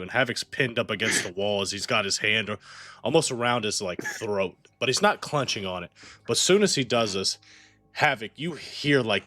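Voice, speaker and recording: Bright-voiced man narrating a tabletop game. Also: fairly low pitch, dry recording. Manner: casual narration full of "like". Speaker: game master.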